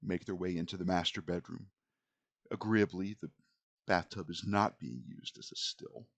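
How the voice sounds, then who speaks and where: A middle-aged man running a tabletop game as game master, rambling and wry in a relaxed way. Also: low voice, normal speed, dry recording. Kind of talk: tabletop game narration and chat.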